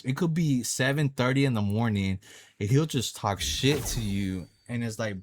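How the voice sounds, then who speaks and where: A man's voice: fairly low pitch, normal speed. A young man telling a personal story about a coworker in an angry, heated rant, cursing a lot and repeating himself. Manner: angry ranting with heavy cursing. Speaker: vlogger.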